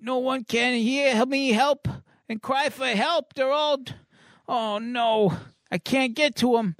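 A panicked teenage boy trapped in a burning house, pleading for rescue, as a man puts him on. The voice is pitched well above the man's own and climbs even higher when he cries out. It sounds close and dry. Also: slow, dry recording, full character voice. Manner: frantic, pleading, high and strained.

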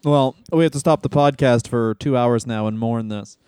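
A man co-hosting a comedy podcast in casual chat, swearing freely and correcting himself with quick jokey asides. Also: mid-range voice, mellow, smooth, dry recording, studio quality. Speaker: podcast co-host.

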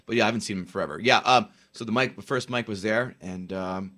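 A man's voice: fairly low pitch, fast, sharp tone. A man in his forties from New Jersey, a comedian guest telling stories in a profane, joking way on a podcast. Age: 40s. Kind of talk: casual podcast chat.

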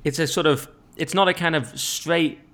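A man's voice: a little high, steady tone, normal speed, fairly bright tone. A man hosting a podcast, explaining at length and setting out the structure of the discussion in casual conversation. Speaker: podcast host.

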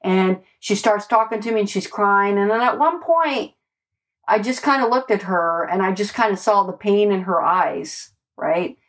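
A woman homicide detective recounts her street years in a loose, animated storytelling voice. She speaks emphatically and bluntly, swearing freely. She keeps checking in with her listener as she goes, at an everyday mid-range pitch. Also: normal speed. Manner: animated, emphatic, swears, peppers speech with "right?" and "like". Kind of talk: casual storytelling in conversation.

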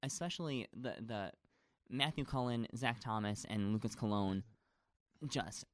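Guy rambling about theater, lots of likes, medium pitch, dead dry mic. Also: unhurried, no echo. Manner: rambling, gushing, heavy on fillers. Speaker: stage actor guest. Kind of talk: casual chat.

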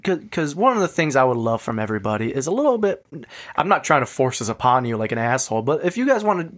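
A man's voice: medium pitch, very animated, quick pace. A man co-hosting a podcast in casual chat, joking and laughing often. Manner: jokey, laughs often, puts on silly voices. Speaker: podcast co-host.

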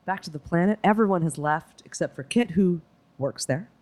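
Low-voiced playful woman. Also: moderate pace. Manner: playful, swears casually, drops into deadpan low asides. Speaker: podcast co-host. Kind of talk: casual chat recapping a TV show.

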